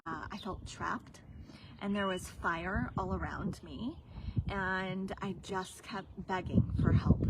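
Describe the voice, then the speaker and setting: A woman's voice: fairly low pitch, noisy background. A woman and business coach telling a personal story on a livestream, earnest and emotional, sometimes dropping to a whisper.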